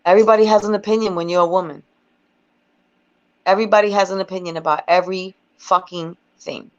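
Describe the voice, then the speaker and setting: A woman's voice: fairly low pitch, fairly even intonation, quick pace. A woman rapper talking bluntly and emphatically in a casual interview, with plenty of profanity. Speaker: guest rapper. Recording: dull lo-fi recording.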